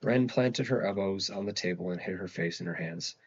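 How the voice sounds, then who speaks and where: A man narrating a novel in a low, husky voice, steady and even. The recording sounds dull and lo-fi. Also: a little fast. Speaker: audiobook reader. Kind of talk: scripted narration.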